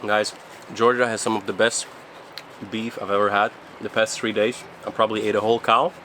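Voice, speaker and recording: A man's voice: fairly low pitch, flat delivery, a little fast, sharp tone, slight background noise. Chatty upbeat travel vlogger man. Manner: chatty, upbeat, loose self-corrections. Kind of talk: casual travel vlog.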